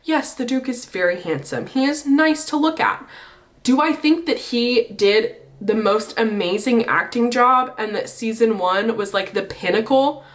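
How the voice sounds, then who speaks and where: A woman giving chatty, opinionated commentary in a casual vlog, her pitch swinging up when she makes a point. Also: animated, a little slow. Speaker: book and TV vlogger.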